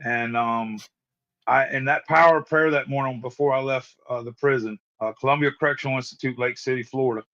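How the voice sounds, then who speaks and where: A man's voice: medium pitch, fairly even intonation, a little fast, fairly bright tone. Man in his forties, earnest testimony storytelling, stumbling restarts, dull muffled live-stream sound. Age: 40s. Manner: earnest, frequent word repeats and restarts. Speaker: guest sharing a recovery testimony. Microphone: remote live-stream call.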